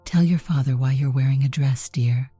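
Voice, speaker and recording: A doting, manipulative mother from a read-aloud story , voiced by a woman talks in a sweet, sing-song coax. The voice sits a little higher than the reader's very deep, dark, husky tone. Soft music plays underneath. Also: moderate pace, dry recording.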